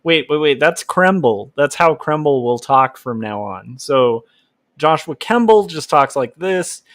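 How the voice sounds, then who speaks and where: A man's voice: fairly high pitch, expressive, unhurried, fairly bright tone, no room sound. A man hosting a casual livestream, reading chat and rambling with lots of filler words. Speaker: livestream host, comic artist.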